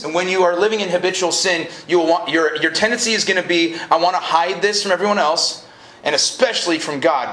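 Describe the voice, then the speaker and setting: A man preaching a lively, casual sermon to a college group, joking and then rising to emphatic peaks. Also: a little high. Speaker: pastor. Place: college event hall. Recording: live room echo, faint noise.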